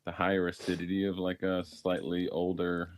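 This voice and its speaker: Low-voiced male co-host, easygoing, thinks out loud with repeated restarts. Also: completely flat delivery, normal speed. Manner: rambling, repeats words, thinks aloud. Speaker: podcast co-host. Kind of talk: casual chat, coffee tasting.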